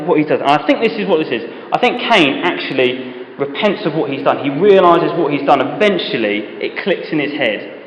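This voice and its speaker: Man, informal church-group speaker, conversational with rhetorical questions; reverberant hall, dull recording. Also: on the high side. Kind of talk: informal Bible talk. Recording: echoey hall, dull lo-fi sound.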